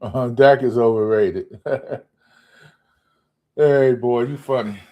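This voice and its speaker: A man ranting in a casual sports vlog, profane and animated, jumping up into high exclamations. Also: takes it slowly, muffled recording. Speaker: sports vlogger.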